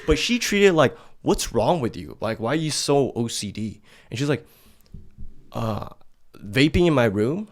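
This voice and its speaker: A man's voice: mid-range voice, sing-song, unhurried. A young adult man hosting a podcast, talking bluntly and swearing often in a casual debate. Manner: blunt and profane, acts out quoted people in a raised voice. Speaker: podcast host.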